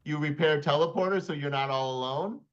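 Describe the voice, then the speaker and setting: An upbeat, encouraging man teaches the rules of a board game on a casual stream. His voice sits somewhat high. The audio is dull and lo-fi, as on a home call. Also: fairly quick.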